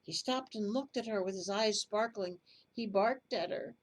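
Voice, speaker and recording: A woman reading a children's bedtime story aloud in a gentle, expressive way. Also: medium pitch, moderate pace, low-quality recording.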